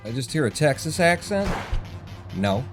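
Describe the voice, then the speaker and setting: Swearing speedrun streamer, game music behind. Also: male voice, medium pitch, big pitch swings, moderate pace. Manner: swears often, mutters running self-talk. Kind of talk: live speedrun commentary.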